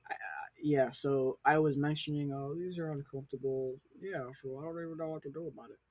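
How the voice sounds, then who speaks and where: Teen dude rambling through a story, kinda husky, low-key mumbly, dry sound. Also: male voice, steady tone, a little fast, a little mellow, no room sound. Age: teens. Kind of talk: casual chat.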